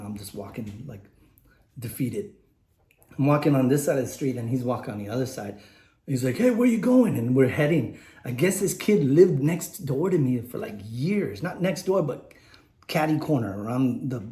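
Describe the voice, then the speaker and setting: Speaking in an echoey, warm indoor room, a candid man in his late forties rambles through an unscripted personal story for his vlog, full of fillers and restarts. His voice is medium in pitch with a dark tone.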